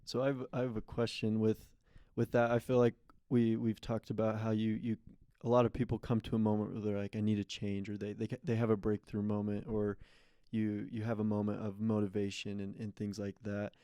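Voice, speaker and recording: A man co-hosting a podcast, asking a guest questions in a thoughtful, halting, casual way. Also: lowish voice, little pitch movement, warm tone, clear, resonant tone, dry recording, clean studio sound. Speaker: podcast co-host. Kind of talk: casual interview chat.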